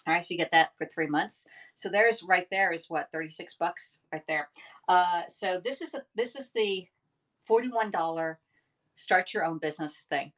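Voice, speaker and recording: A woman chats and sells to her live viewers in an animated, talkative way. Her voice sits a bit low for a woman. She is picked up by a mic set back from her, so she sounds slightly distant. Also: normal speed. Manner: chatty, animated, talks straight to viewers. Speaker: home cooking livestream host. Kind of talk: casual live-stream chat and product pitch.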